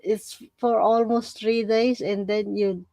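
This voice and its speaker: A woman's voice: medium pitch, fairly even intonation, slow, warm tone, dry recording. A Filipino woman hosting a casual live stream, reacting with short questions and loose, informal phrasing. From Philippines. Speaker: livestream host.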